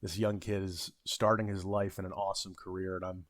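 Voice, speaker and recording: A man in his thirties, a vlogger, casually rambles through a self-deprecating story about his retail job, full of fillers and restarts. His voice is low with little pitch movement, a little fast, on a dry recording.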